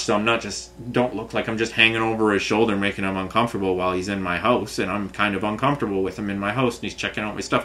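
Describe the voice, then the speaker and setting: A man's voice: medium pitch, fairly bright tone. Guy venting on his vlog, rambly and agitated, lots of uh and like. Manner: agitated, rambling, many fillers and restarts. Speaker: vlogger. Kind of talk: frustrated rambling rant to camera.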